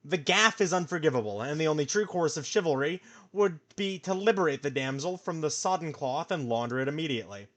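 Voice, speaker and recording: A man's voice: a little high, animated, a little fast, hardly any pauses. Man narrating a comic like a storybook. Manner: playful, dramatic storybook narration. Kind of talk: reading a comic aloud on stream.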